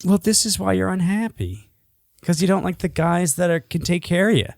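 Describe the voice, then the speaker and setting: A man's voice: sits high, moderate pace, gravelly, dry recording, studio quality. A man co-hosting a podcast, bluntly teasing his co-host in casual banter and swearing often.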